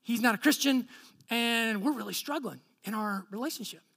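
A pastor telling a story from the pulpit in a conversational way. He acts out each person's lines, then drops low and soft when he makes his serious points. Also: moderate pace, creaky, breathy edge. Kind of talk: storytelling sermon.

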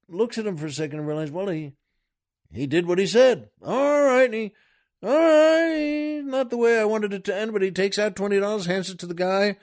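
A man's voice: on the high side, darkish tone. A male host telling a joke in a folksy, rambling way, repeating himself often. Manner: folksy, repetitive, chuckling.

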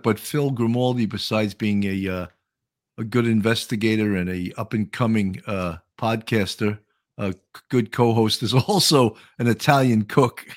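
A man in his sixties, a former police officer hosting a podcast, chatty and animated, laughing often. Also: mid-range voice. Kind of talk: casual podcast chat.

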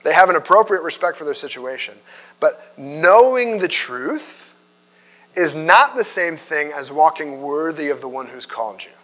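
A man's voice: a little high, moderate pace. A man preaching a sermon in a loose, conversational way, full of fillers and restarts. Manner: conversational, animated, filler-heavy. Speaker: pastor. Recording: long hall reverb.

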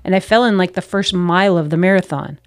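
A woman's voice: fairly low pitch, quick pace, no echo, studio quality. Earnest woman pastor telling stories. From United States. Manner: earnest, reflective, acts out her own past self-talk. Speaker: missionary pastor. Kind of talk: personal storytelling in an interview.

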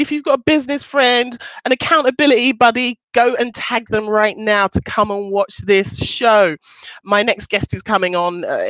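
A woman's voice: a bit bright, no room sound, rough recording. A woman in her thirties, a business coach hosting a casual weekly livestream, talking chattily and upbeat to her viewers. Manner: chatty and upbeat, swoops up in pitch for emphasis.

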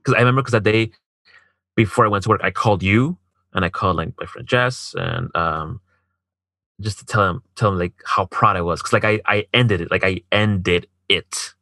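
In a dry recording, a man whose voice is on the low side tells a personal story at a fairly quick clip, his tone bright and forceful. He curses freely, leans hard on the filler "like," and acts out other people's lines.

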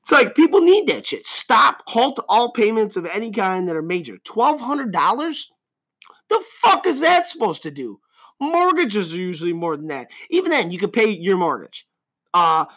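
An angry man rants on his podcast, cursing constantly. His pitch leaps high and drops low as he shifts between loud outbursts and low mutters, all in a casual, profane monologue. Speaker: podcast host.

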